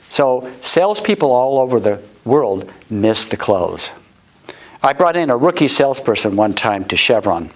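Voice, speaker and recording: Middle-aged man, sales trainer, lively up-and-down delivery, indoor talk. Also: poor audio. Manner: animated, acts out customer quotes in high voices. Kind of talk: motivational sales talk to a live audience. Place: warm indoor room.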